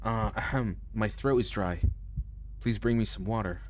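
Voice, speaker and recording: A man's voice: fairly low pitch, normal speed, slight background noise. A man streaming a horror game, reading its lines aloud with joking asides. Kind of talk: casual let's-play commentary.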